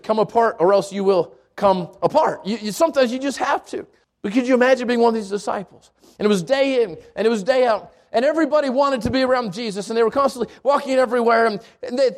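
A man preaching an earnest sermon as a pastor, often restarting and repeating words, rising to emphatic peaks. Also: very high voice.

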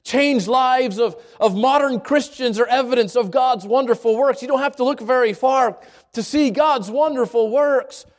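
A man from Albuquerque preaching a sermon at a church service, moving between quick asides and slow, emphatic lines. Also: high voice. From Albuquerque, New Mexico. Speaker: pastor.

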